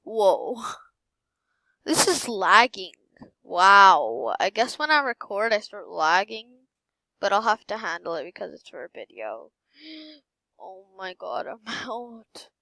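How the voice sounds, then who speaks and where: A young woman giving excited gameplay commentary at her computer, giddy and squealing, repeating herself over and over. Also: mid-range voice, slow pace, creaky, dry recording, rough recording. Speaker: gaming youtuber. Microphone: desktop mic, no webcam.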